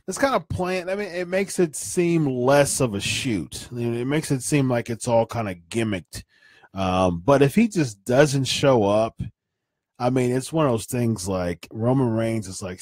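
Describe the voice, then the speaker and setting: A man's voice: on the high side, lively intonation, a little slow, darkish tone, no room sound, clean studio sound. A man hosting a wrestling podcast, giving casual opinion commentary in an opinionated way, often repeating and restarting his phrases.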